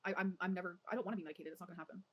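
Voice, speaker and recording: A woman's voice: lowish voice, steady tone, racing, dull audio. A woman chatting casually on a livestream, rambling and filling her speech with "like". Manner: rambling, heavy use of "like".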